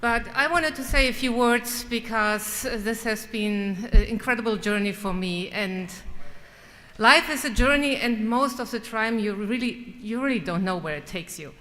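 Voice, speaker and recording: A woman's voice: a little high, unhurried, a bit bright. A middle-aged woman with a German accent giving an earnest, personal farewell speech as a state legislator, with touches of self-deprecating humor. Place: large legislative chamber. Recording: long reverb in a large hall.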